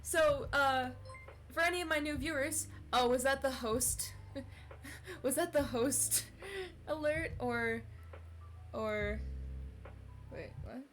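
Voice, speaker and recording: Giggly young woman streamer, slow-talking. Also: sits high, a bit bright, soft background music. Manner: giggly, chatty, frequent fillers and restarts. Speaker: streamer reading fan fiction. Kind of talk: casual live-stream chat. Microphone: cheap streaming mic on a laptop.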